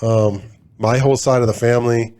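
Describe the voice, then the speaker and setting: A man's voice: mid-range voice, steady tone, fairly quick, mellow. A man in his forties co-hosting a podcast, telling stories in a blunt, laid-back way and swearing freely. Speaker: podcast co-host. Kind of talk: casual chat.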